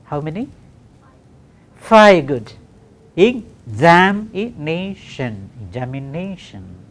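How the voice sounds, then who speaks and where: A man teaching English pronunciation in a classroom, slow and deliberate, repeating words for practice and checking in with "okay". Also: fairly high pitch, very animated, a little hiss or hum.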